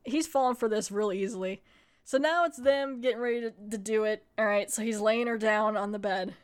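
A woman hosting a podcast, retelling an episode in a casual, animated way and acting out the characters' lines. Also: on the high side, fairly quick, clear, resonant tone. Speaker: podcast host.

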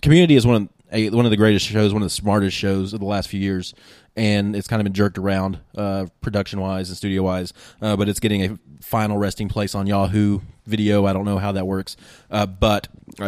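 On a podcast, a male co-host rambles casually through TV and movie reviews, hesitating with plenty of fillers and restarts. His voice is lowish, darkish, brisk, and fairly flat in pitch, captured dry and clean in a studio.

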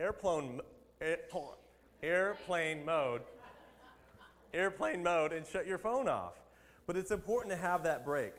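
A man's voice: a little high, a bit bright, in a large hall. A man, a pastor, giving a conversational sermon and laughing now and then at his own jokes.

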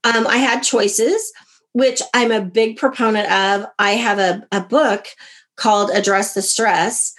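A woman's voice: mid-range voice, a little slow. A woman, a guest and author from America, telling a personal story in an interview and acting out the dialogue. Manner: animated, acts out quoted dialogue.

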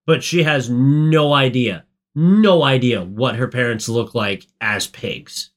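A man in casual podcast chat, exasperated and profane, often climbing to loud, high outbursts. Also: slow pace. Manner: exasperated, profane, rising to near-shouts. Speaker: podcast co-host.

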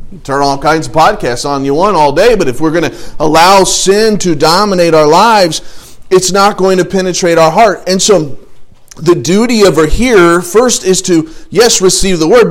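Man, pastor, sermon, somewhat high voice, conversational, drops to quiet asides.

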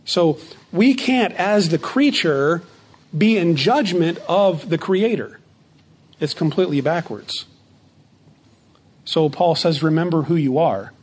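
A man preaching a sermon as pastor, slowing down to stress key phrases and often repeating words as he starts a thought. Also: fairly high pitch, expressive.

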